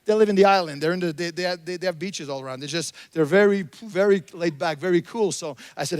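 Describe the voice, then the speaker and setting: A middle-aged man preaching from a church pulpit with a high, ringing voice. He jumps from quiet, chatty storytelling to loud, emphatic exhortation. The sound is close and dry, with almost no room echo. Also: fast talker, hardly any pauses. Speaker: pastor. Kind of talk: sermon. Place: church sanctuary.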